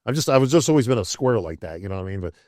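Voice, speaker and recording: An older man from upstate New York talks rapid-fire in a mid-range voice, telling casual stories as a podcast guest. He animates each tale, acts out the quotes, and keeps asking "right?" and calling people "bro." It's studio quality, with no echo.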